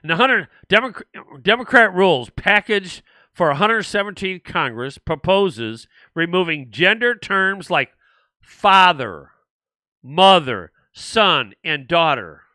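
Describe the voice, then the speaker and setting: A man's voice: high-pitched, animated, takes it slowly, pushed and bright, no echo. An older man hosting a political livestream, rambling and indignant, with frequent restarts as he answers viewer comments. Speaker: livestream host.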